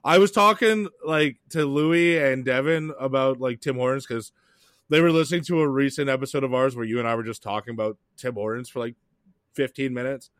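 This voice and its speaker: A man's voice: medium pitch, a little fast, fairly bright tone, no echo, clean studio sound. A young adult man from Canada, a podcast co-host, in casual chat, heated and profane, rambling as he talks.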